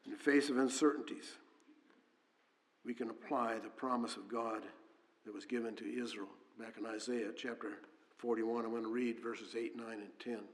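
A man's voice: fairly low pitch, steady tone, moderate pace. A man preaching a sermon with earnest delivery, reading scripture aloud and often restarting with fillers. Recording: long hall reverb.

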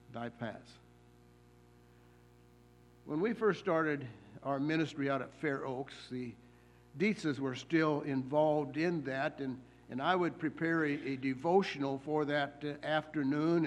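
A man preaching a sermon in church, slowing down to stress the scripture he quotes and often pausing with fillers and repeated words. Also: on the high side.

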